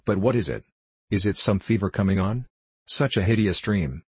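A man's voice: fairly low pitch, animated, normal speed, darkish tone, husky, no echo, full character voice. A man reading aloud, voicing a young man shaken and anguished after a nightmare.

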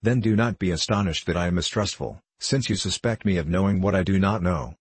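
A man's voice: low voice, fairly quick, husky, no echo. A man voicing a guarded, mistrustful young noble prisoner who speaks coldly and curtly. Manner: cold, curt, guarded.

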